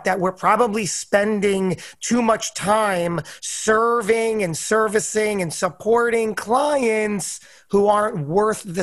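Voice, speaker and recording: A podcast host asking a guest questions and summing up his points. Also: mid-range voice. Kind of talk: interview questions.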